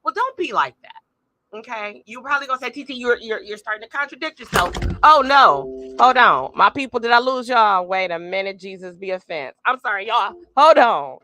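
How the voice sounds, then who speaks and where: A middle-aged woman hosting a live-streamed motivational talk from a small room at home, animated and speaking straight to her audience with frequent asides. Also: fairly high pitch, fairly quick, a little hiss or hum. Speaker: podcast host. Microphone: phone or camera on a tripod.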